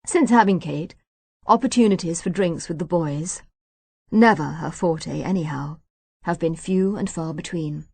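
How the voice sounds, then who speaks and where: A woman narrating a novel in measured storytelling, voicing each character herself. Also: lowish voice, creaky, warm tone, slightly rough, dry recording. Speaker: audiobook narrator. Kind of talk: scripted narration. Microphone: close studio mic.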